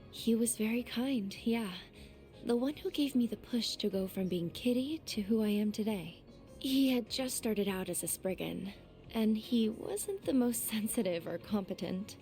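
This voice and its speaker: Woman doing a calm student council prez, bit teasing, game voice, faint music. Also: mid-range voice, a little slow, lightly acted. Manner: composed, warmly teasing. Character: poised young woman student council president.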